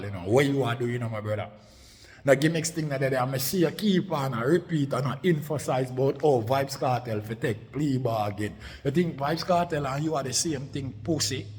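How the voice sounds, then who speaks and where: A Jamaican man rants angrily at someone online in thick patois, cursing freely and talking down to him. His voice sits a little high for a man. The recording carries a long, hanging reverb. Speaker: online commentator. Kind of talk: angry rant aimed at a rival.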